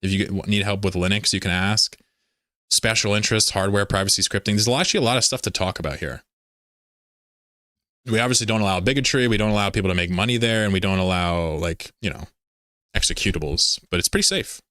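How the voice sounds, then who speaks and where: Low-voiced man chatting on a livestream. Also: fast, sharp tone, no echo, clean studio sound. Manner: rambling, laughs often, reads chat aloud. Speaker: livestream host. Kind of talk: casual livestream chat.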